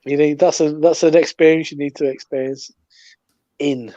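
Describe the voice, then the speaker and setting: A man's voice: a little high, fairly even intonation, moderate pace, mellow, dry recording. Joking man with a dull dry sound. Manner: jokey, stammering restarts. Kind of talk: casual chat.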